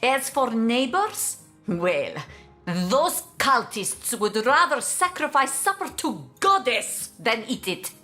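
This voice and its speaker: A woman voicing a gruff, zealous character who speaks broken English with dropped articles, grumbling and bitter, in a video game. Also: a little high, big pitch swings, slow pace, bright, forceful tone, soft background music, heavily acted.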